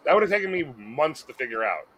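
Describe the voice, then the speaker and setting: A man co-hosting a podcast, reacting to a film with animated, wisecracking remarks. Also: fairly high pitch, fast talker, crowd noise. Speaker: podcast co-host. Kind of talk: casual movie watch-along chat.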